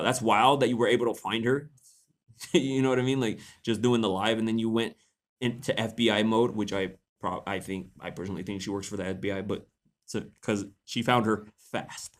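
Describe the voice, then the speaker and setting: A young man hosting a casual livestream, reading posts aloud, laughing often and swearing casually. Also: fairly low pitch.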